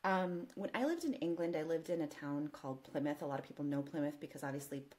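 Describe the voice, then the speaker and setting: A woman guest telling an animated personal story in casual conversation, often breaking into laughter. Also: sits low, quick pace. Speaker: podcast guest.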